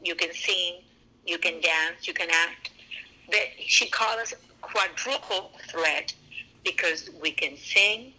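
An older woman from Cuba with a Cuban Spanish accent, a Spanish native speaker, telling animated anecdotes as an actress guest in a casual interview. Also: lowish voice, slow, a little hiss or hum, rough recording.

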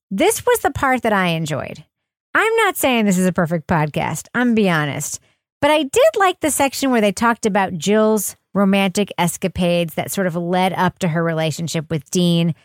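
A woman's voice: medium pitch, big pitch swings, normal speed, no echo, studio quality. A woman co-hosting a podcast, talking frankly and casually and swearing now and then. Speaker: podcast co-host.

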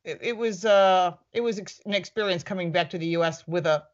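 A woman who reviews cars, chatting on a panel and telling a story with lively quoted lines. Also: fairly low pitch, brisk, muffled recording. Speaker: car reviewer with a YouTube channel. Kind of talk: casual panel chat.

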